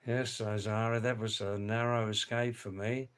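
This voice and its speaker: An older man hosting a casual live stream from home, reading viewer comments in a slow, rambling way and repeating his words. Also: lowish voice, flat delivery, fairly bright tone, clear, resonant tone. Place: home in a small farming hamlet.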